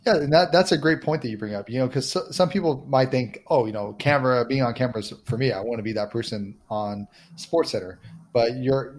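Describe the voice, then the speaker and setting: A man's voice: medium pitch, a little mellow, slight background noise. A man hosting a podcast interview, speaking conversationally with frequent "you know" fillers. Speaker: podcast host.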